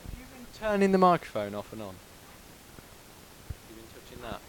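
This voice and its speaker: A man's voice: mid-range voice, sing-song, a little fast, a little hiss or hum. A man hosting a casual podcast, joking and laughing, with plenty of ums. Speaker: podcast host. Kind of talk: casual banter.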